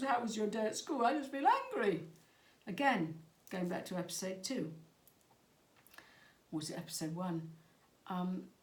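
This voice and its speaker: A middle-aged woman, talking to parents as a parenting coach in an earnest, conversational way that sometimes stumbles over words. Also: on the low side. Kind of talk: talk to parents. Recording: echoey room.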